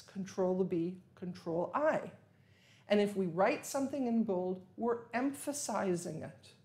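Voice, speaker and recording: A woman's voice: on the high side, darkish tone. A woman English teacher giving a recorded vocabulary lesson, explaining patiently and stressing key words with examples.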